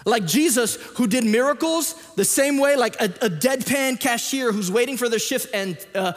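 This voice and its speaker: A man preaching a sermon as a pastor, moving between quiet scripture reading and loud, animated emphasis. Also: very high voice, normal speed, hardly any pauses. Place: church auditorium. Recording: long reverb of a large hall.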